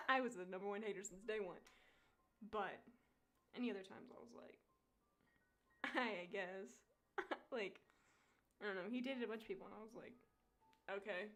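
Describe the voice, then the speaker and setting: Animated, laughing young woman streamer. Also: mid-range voice, normal speed, long pauses, soft background music. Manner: animated, swears freely, laughs often; reads game narration aloud quietly. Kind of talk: casual chat while playing a game.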